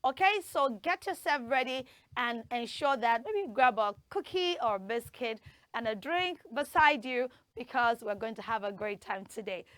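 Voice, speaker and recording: A high-pitched woman with a Nigerian accent leads a pronunciation lesson on a children's TV show. She is upbeat and coaxing, with a bright, forceful tone. The studio sound is dry and close. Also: expressive, moderate pace, dry recording. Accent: Nigerian English. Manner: upbeat, coaxing, drills words for children to repeat. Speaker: children's TV host.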